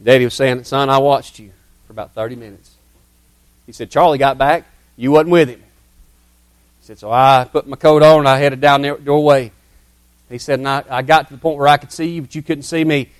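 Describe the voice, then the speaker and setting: A middle-aged man, telling a childhood story in a sermon in a folksy, dramatic way that drops to hushed tones. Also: mid-range voice, fairly even intonation, brisk, pauses often, clean tone, dry recording. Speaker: preacher telling a testimony.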